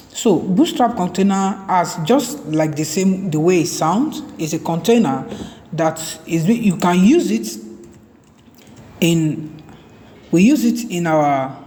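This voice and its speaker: A man talks through a coding lesson at a slow, unhurried pace, often repeating words as he types. His voice sits a bit high for a man. The room rings with a long reverb over faint background hum. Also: a little mellow. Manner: slow, repeats and restarts words while typing. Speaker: web development tutor. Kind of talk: screen-recorded coding tutorial.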